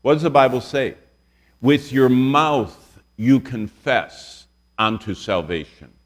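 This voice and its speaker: Slow-talking older male pastor. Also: medium pitch. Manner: storytelling, quizzes the audience with questions. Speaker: pastor teaching a Bible class. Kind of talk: Bible lesson to college students. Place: classroom full of students.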